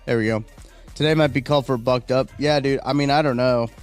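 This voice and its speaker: A man hosts a casual live stream from home, rambling and chatting as he reads viewer comments aloud. His pitch sits in an ordinary middle range, with faint music playing underneath. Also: fairly even intonation, fairly quick. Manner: rambling, chatty, reacts to chat, yawning. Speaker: livestream host.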